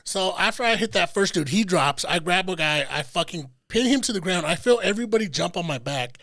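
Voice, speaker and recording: A young man on a podcast telling a story in a lively, profane way, acting out what people said. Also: high-pitched, a little fast, no room sound. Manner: animated, profane storyteller who acts out quotes. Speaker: podcast host.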